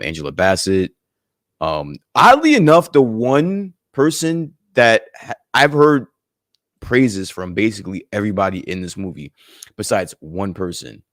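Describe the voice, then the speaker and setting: A man co-hosting a casual livestream chat, relaxed and thinking aloud with lots of fillers. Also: on the low side, no echo, studio quality. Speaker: podcast co-host.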